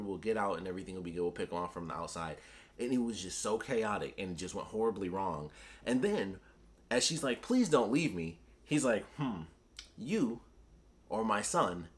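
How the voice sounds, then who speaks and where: A man chats through a comic book review in a loose, rambling way. His voice sits a little low. He gets animated and slips into the characters' lines as he retells the scenes. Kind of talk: casual solo review chat.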